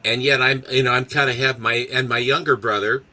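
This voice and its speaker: A man in casual chat, telling a long family anecdote in a halting, rambling way. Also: mid-range voice, steady tone, sharp tone, rough recording. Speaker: co-host.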